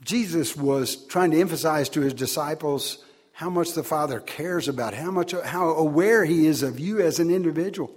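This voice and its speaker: A man preaching a sermon, swinging between loud, emphatic declarations and quiet asides. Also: a little high, normal speed, slightly rough.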